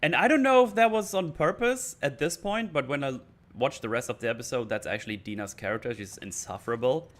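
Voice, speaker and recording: A man's voice: mid-range voice, fairly quick. A man giving a casual, rambling rant reviewing a TV episode, hesitant and full of restarts. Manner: rambling, hesitant, animated quoting of scenes. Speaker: YouTube show reviewer.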